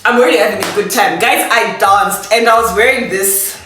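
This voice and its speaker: A woman's voice: mid-range voice, a little fast, pushed and bright. A young woman, chatting and laughing as she tells a storytime vlog while eating. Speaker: vlogger. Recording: echoey room, distant mic, faint noise.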